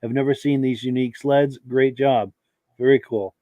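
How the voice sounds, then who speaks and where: A man's voice: medium pitch, normal speed, no echo. A male podcast host with a cold and a fading voice, chatting casually as he reads viewer comments on a live show. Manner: relaxed, chatty, with many fillers. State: losing his voice from a cold, coughing.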